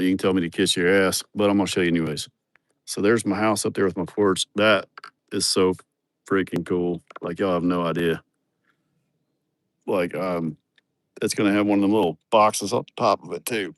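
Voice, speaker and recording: A man's voice: low-pitched, dry recording, studio quality. A man, giving a crude, joking, rambling livestream tour of his farm, outdoors on a phone camera. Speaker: vlogger showing his farm. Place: outdoors on rural farmland.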